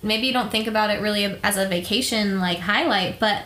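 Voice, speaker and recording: A woman's voice: medium pitch, brisk, sharp tone, roomy sound. A woman co-hosting a podcast, talking casually and filling her speech with "like". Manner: chatty, peppered with "like". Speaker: podcast co-host. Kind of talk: casual chat.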